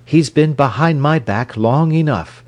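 A man reading aloud, voicing a bitter, mocking farm wife with a shrill, scornful manner. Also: animated, measured pace, darkish tone, muffled recording.

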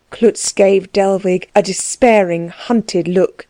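A woman reading a novel aloud as narrator, with steady, measured storytelling. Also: medium pitch, no room sound, studio quality. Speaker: audiobook narrator. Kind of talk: scripted narration.

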